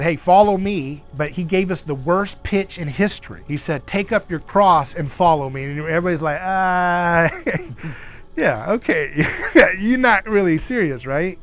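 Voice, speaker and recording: A man hosts a casual fireside discussion, his voice pitched a little high. He talks in an animated way, slipping into the voices of the people he quotes. Faint music plays in the background. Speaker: host. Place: around an outdoor fire.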